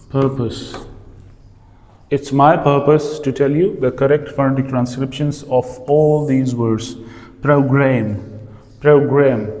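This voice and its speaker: A man with an Indian English accent teaching English pronunciation, slow and deliberate, repeating each word. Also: mid-range voice, darkish tone. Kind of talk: pronunciation lesson. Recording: echoey room with long reverb.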